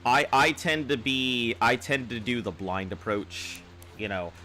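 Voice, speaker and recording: A man's voice: mid-range voice, unhurried, sharp tone. A man streaming a game and chatting casually, rambling and restarting his phrases as he gives advice and reads viewer comments aloud. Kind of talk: casual live-stream chat.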